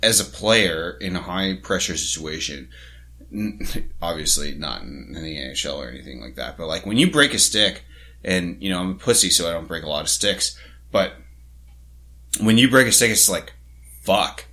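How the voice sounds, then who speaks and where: Man, deep voice, podcast co-host, rambling casual talk, swearing. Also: animated, normal speed, sharp tone. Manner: rambling, swears, reads names off a list. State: has the hiccups. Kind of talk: casual sports podcast chat.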